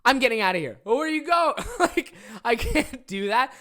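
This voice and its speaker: A young adult podcast host, telling stories in a casual, animated way, swearing freely and acting out the people in them. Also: high voice, moderate pace. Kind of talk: casual comedic storytelling.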